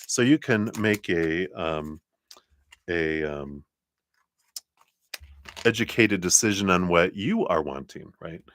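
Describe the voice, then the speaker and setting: A man from Colorado with a slight Southern drawl, reading tarot cards on a live stream in a chatty, rambling way with soft laughs and muttered asides. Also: deep voice, slight background noise. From Colorado, USA. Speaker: tarot reader.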